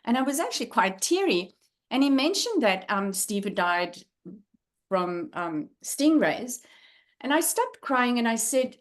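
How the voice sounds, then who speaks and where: A middle-aged woman with a South African accent, a guest speaker telling a personal story in an earnest, reflective way with frequent pauses and fillers. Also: on the high side, big pitch swings.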